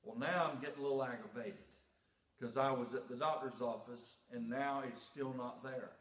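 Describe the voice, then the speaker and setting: A man's voice: medium pitch, steady tone, normal speed, fairly bright tone. A man preaching a sermon as pastor, telling a personal story in a folksy way and building to emphatic preaching. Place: church sanctuary. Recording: echoey church room.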